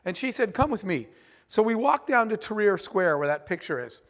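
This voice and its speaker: A man delivers a storytelling keynote in a large conference hall, his voice sitting high for a man. He talks in an animated, conversational way, tossing quick asides to the crowd. A long reverb trails behind each phrase. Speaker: keynote speaker.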